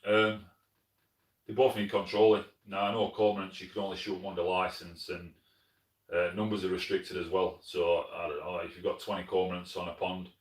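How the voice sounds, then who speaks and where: A man's voice: sits low, far from the mic. A man with a South Yorkshire accent hosts a live stream from his lodge, answering viewer comments in a friendly, plain-spoken way and often calling people mate. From Sheffield, South Yorkshire, England. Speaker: hunting channel host. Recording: echoey room, mic some way off.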